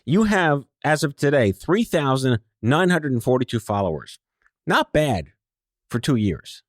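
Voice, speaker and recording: A man hosting an interview podcast, teasing his guest with quick wisecracks in a casual chat. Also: medium pitch, big pitch swings, no echo, clean studio sound. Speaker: podcast host.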